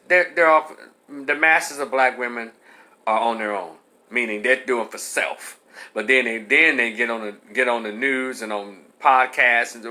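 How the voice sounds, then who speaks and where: A man in his fifties with a Memphis Southern accent, telling a story in an animated way, then talking in a low, earnest tone. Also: moderate pace. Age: 50s. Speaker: commentator. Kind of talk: storytelling monologue.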